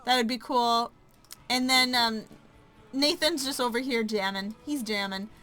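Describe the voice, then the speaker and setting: A woman's voice: a little high, unhurried, sharp tone. Chatty woman narrating a game. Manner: chatty, full of ums and likes. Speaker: let's play narrator. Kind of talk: casual gameplay narration.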